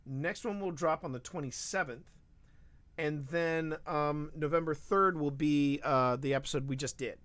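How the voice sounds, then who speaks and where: Brief: male podcast co-host, casual live-stream chat, excitable and rambling, dry studio sound. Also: a little high, a little slow, no echo. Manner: animated, rambling, frequent restarts.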